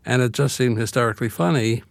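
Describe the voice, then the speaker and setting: A man's voice: mid-range voice, fast talker, gravelly, no echo, studio quality. An older man from Brooklyn being interviewed, talking in a wry, reflective way and laughing easily. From Brooklyn, New York. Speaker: interview guest, author. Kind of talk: conversational interview.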